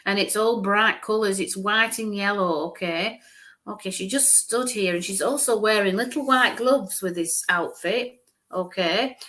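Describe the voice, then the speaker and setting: A chatty woman gives a live-streamed psychic reading in a mid-pitched voice. She describes things in detail and keeps checking in with her listeners. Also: a bit bright. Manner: chatty, describes what she sees, often checks in with "okay?". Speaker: medium giving live readings.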